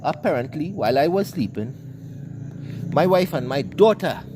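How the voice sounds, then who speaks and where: A man's voice: a little high, animated, moderate pace, background noise. A man with a Trinidadian accent telling a rambling comic story in dialect, cussing and carrying on as an online commentator.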